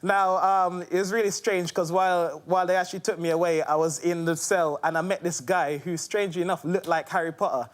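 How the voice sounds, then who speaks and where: A man tells an improvised comic story on stage in a loose, rambling way. His voice sits a little high for a man, and he keeps a relaxed, chatty flow. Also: a little fast, few pauses. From United Kingdom. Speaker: stand-up comedian.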